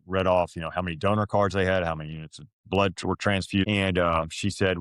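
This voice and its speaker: A middle-aged man from Florida, a podcast guest telling an emotional story in a halting way, full of fillers and restarts, and choking up at times. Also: low-pitched, steady tone, fairly bright tone, clear, resonant tone, dry recording. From Florida, USA.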